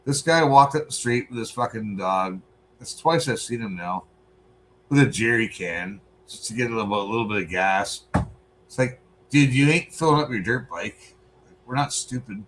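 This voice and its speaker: A man, co-host of a podcast, telling a profane, animated story in casual chat. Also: fairly low pitch, normal speed, a little hiss or hum.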